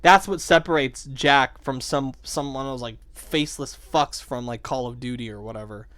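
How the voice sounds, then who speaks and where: A young man chatting excitedly about a video game, swearing and saying "like" a lot as the show's host. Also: mid-range voice, normal speed. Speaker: podcast host. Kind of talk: casual game discussion.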